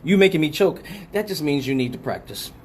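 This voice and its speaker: A man hosting a live comedic talk show, telling rambling, profane stories in an animated way. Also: a little high, a little fast, a little hiss or hum.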